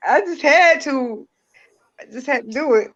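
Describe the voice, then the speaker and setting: High-voiced woman, giggly, lo-fi. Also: animated, unhurried, fairly bright tone. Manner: giggly, emphatic. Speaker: podcast co-host. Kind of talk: casual group chat. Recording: dull lo-fi sound.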